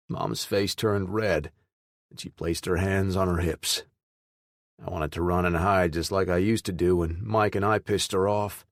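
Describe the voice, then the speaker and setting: A man narrating a first-person audiobook in a plain, steady storytelling manner. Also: sits low, unhurried, no echo, studio quality.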